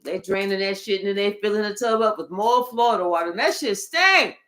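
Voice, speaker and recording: A woman giving a casual channeled reading, swearing often and telling playful, animated stories. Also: mid-range voice, fairly quick. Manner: profane, playful, animated storytelling. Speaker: spiritual tarot reader.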